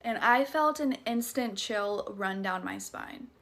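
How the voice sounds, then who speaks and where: A woman's voice: mid-range voice, expressive, slow, vocal fry, a bit bright. A young woman with a Southern US accent tells a horror story in a casual, dramatic and profane way. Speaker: storytime creator.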